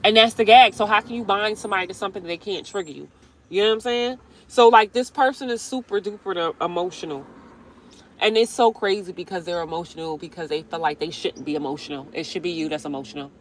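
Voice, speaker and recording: Outdoors beside a road, a young woman live-streams a tarot reading, talking fast in a lowish voice. She's chatty, slangy, and emphatic, and the audio has a little hiss or hum.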